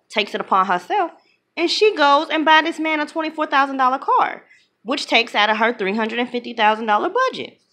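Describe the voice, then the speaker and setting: A woman casually retelling a film's plot as a reviewer, blunt and opinionated, slipping into quick voices for the characters. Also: a little high. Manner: animated, acts out characters' lines in quick voices. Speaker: movie reviewer.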